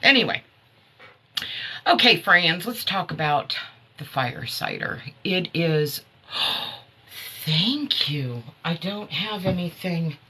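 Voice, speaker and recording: Chatty woman with a bright voice. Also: lowish voice, expressive, slow pace, slightly rough. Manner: chatty, laughs often, talks to viewers. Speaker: herbal remedies seller hosting a live stream. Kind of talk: casual live-stream chat.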